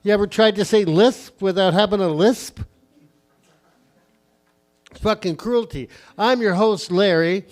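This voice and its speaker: A middle-aged man with a fairly high voice hosts a stand-up open mic. He rambles crudely and swears freely as he jokes with the crowd. He speaks on a stage mic in a comedy club. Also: measured pace, pauses often, a little mellow. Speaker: comedy host. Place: comedy venue stage before a live audience.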